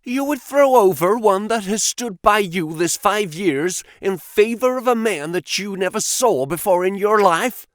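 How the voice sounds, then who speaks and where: A man doing a furious, sneering young thug, raised high. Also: lively intonation, measured pace, hardly any pauses, no echo, clean studio sound. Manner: shouting, sneering.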